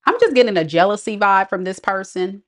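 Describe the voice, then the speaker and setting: A woman's voice: medium pitch, expressive, a little fast. Chatty woman giving a live tarot reading. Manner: chatty, slangy, laughs often, addresses viewers directly. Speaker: tarot reader.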